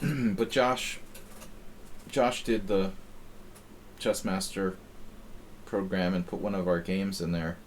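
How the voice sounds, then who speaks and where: A middle-aged man with a deep, low-pitched voice rambles through a story while hosting a chess stream. He talks in a halting way, full of fillers and false starts. A faint hum of room noise sits behind him. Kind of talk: casual chat while playing.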